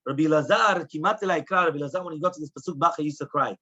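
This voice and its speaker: A man's voice: on the high side, very fast, few pauses, bright, forceful tone, slightly rough, muffled recording. A man teaching a Talmud lesson as a rabbi, asking rhetorical questions and moving between Hebrew and English. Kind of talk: Talmud lecture.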